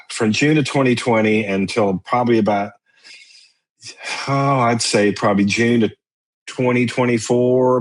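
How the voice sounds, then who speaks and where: Man telling rambling stories, lowish voice. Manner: rambling storyteller, lots of fillers. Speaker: guest, sausage maker and teacher. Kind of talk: casual podcast interview.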